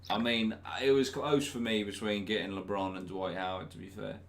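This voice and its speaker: A young man, a YouTube host answering viewer questions in casual, sweary chat and mimicking people loudly. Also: fairly low pitch, flat delivery, normal speed, creaky. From England.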